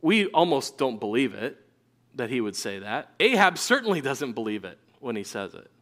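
Male preacher, mid-pitched, conversational sermon delivery with acted-out quotes. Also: big pitch swings, moderate pace, a bit bright.

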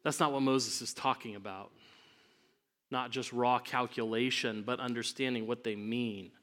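A man preaching a sermon from the pulpit at a medium pitch. He moves between calm, low reflective stretches and loud, emphatic climaxes. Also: moderate pace. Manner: preaching with rising emphatic peaks. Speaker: pastor.

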